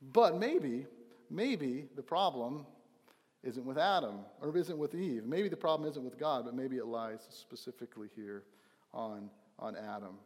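A man's voice: medium pitch, big-room sound. A young man preaching a sermon at his church, earnest and emphatic, often restarting his phrases. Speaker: pastor.

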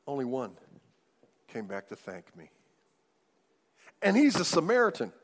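A man preaching a sermon as pastor, emphatic, swinging widely in loudness and pace. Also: on the high side, big pitch swings, moderate pace, long pauses. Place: church sanctuary. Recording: long hall reverb.

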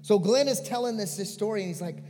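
High-voiced pastor preaching in a reverberant hall. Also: male voice, quick pace, mellow, faint music behind. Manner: earnest storytelling that swells into pleading exhortation. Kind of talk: sermon.

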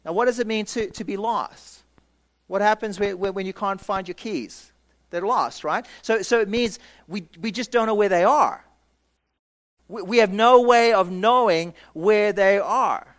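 A man's voice: sits high, unhurried, a bit bright. A man preaching an emphatic sermon as pastor, acting out imagined voices from the congregation and asking rhetorical questions.

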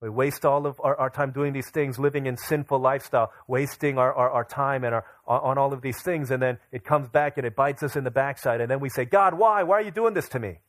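A man's voice: medium pitch, flat delivery, brisk, hardly any pauses, no echo. Storytelling young man preaching a sermon. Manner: storytelling, acting out his children's voices. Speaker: pastor.

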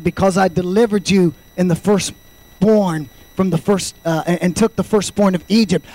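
A man in his fifties preaching a sermon, fervent, swinging between loud shouts and quiet storytelling. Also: sits high, creaky, low-quality recording. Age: 50s. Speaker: pastor.

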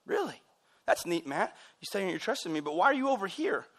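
A man's voice: high voice, very animated, brisk, a bit bright, heavily acted. A preacher voicing God as a patient but sarcastic fatherly male deity in a dry, mocking tone.

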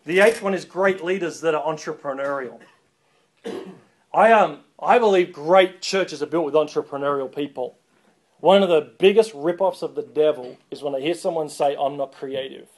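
A man preaching a sermon as a pastor, lively and joking, calling on the congregation to respond. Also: fairly high pitch, moderate pace.

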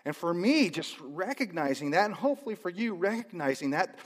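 A man's voice: sits high, very animated, a little fast. A man delivering a sermon as pastor, teaching in a conversational way and breaking into sudden emphatic swells. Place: church sanctuary. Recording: long hall reverb.

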